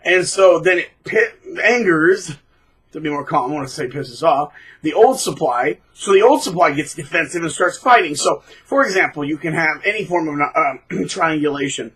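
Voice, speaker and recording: A man hosting his own channel, talking bluntly and casually, mocking people by acting out quotes in shrill put-on voices. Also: lively intonation, normal speed, fairly bright tone, breathy edge, low-quality recording. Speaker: channel host. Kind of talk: casual monologue.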